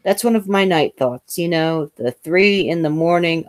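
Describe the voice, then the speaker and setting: Low-voiced woman reading a novel aloud. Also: lively intonation, dry recording. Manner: measured reading with small slips and restarts. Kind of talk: first-person novel reading.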